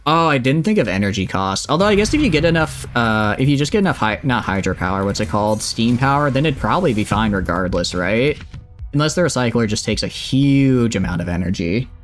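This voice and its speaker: A man's voice: medium pitch, lively intonation, a little fast, soft background music. A man with a Southern accent, chatting and joking while streaming a space game and reading its text aloud. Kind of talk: livestream gameplay commentary.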